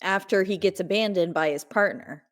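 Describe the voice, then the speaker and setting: A woman's voice: mid-range voice, normal speed. A woman co-hosting a podcast, recapping a horror movie in casual chat, rambling with fillers and laughs. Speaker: podcast co-host.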